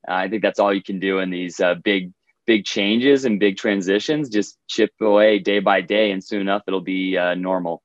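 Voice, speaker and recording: Low-voiced man on a dull remote call. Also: fairly even intonation, dry recording. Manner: candid, halting, with many restarts. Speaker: podcast guest, professional runner. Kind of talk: casual interview answers.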